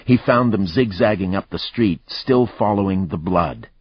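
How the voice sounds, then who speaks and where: A man narrating a thriller audiobook in a measured, even storytelling manner. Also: low voice, breathy edge, no echo. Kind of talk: scripted narration. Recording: dry, slightly muffled recording.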